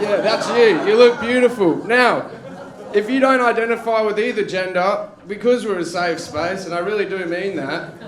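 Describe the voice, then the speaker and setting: A man doing a playful, mock-sweet stand-up set that teases the crowd. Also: high voice. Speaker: stand-up comedian. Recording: roomy club with loud crowd laughter.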